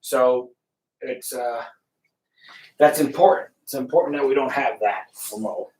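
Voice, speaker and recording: A man's voice: medium pitch, measured pace, a little mellow, recorded from a distance. A man chatting casually during a live painting stream, thinking aloud as he works. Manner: rambling, thinking aloud, greets viewers. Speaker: painter livestreaming. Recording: roomy, from off the mic.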